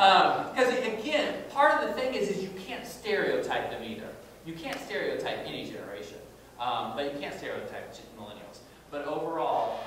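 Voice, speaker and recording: A man giving a talk and taking questions, earnest and halting with many fillers and restarts. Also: mid-range voice, fairly bright tone. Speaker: guest speaker. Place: large echoey meeting room. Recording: echoey room from far off, noisy.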